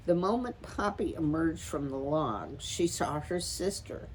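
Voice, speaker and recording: Slow, calm woman reading a storybook. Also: low-pitched, a little hiss or hum, poor audio. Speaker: storytime reader. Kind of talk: reading a children's chapter book aloud.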